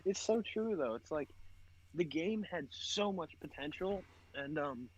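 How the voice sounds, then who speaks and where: A man's voice: a little high, animated, measured pace, dull audio. A young man co-hosting a podcast, chatting casually and laughing about video games while he plays, swearing often. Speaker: podcast co-host. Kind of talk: casual gaming chat while playing.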